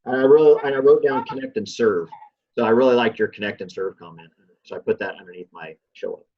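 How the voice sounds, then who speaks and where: A man with a husky, breathy voice steers a casual chat and cheers his co-host on. The recording is dull and lo-fi. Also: mid-range voice, fast talker. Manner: encouraging, steers the talk.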